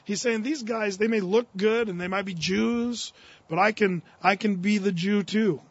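A man's voice: sits high, moderate pace, husky, no room sound, highs cut off. A man preaching a sermon, reading scripture aloud and then paraphrasing it in casual, fervent speech. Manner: fervent, rising in force on key verses. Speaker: pastor. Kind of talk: expository sermon.

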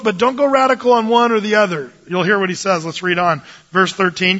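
A man with a high, bright voice walks through a Bible passage in a relaxed teaching tone. He jokes and leaps into the voices of the people in the story. The recording sounds muffled and lo-fi. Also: fairly quick. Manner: animated, jokey, acts out voices of biblical figures.

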